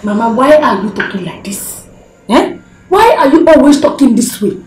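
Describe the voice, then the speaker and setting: An actress with a Nigerian accent playing a quarrelsome pregnant wife in a film, speaking in a combative, scolding way. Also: female voice, high-pitched, lively intonation, moderate pace, darkish tone, reverberant. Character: pregnant young wife, quarrelsome and sharp-tongued. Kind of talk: Nollywood film acting.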